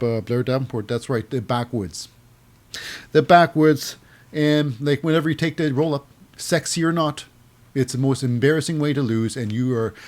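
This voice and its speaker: A man's voice: medium pitch, a little mellow. A man casually recapping a wrestling show, rambling with many fillers and restarts, sometimes acting out quotes in a raised voice.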